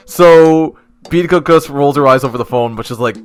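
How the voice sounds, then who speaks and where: A young man telling a slangy, animated story-time tale of office drama, swinging between loud bursts and hushed asides. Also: fairly high pitch, brisk, faint music behind.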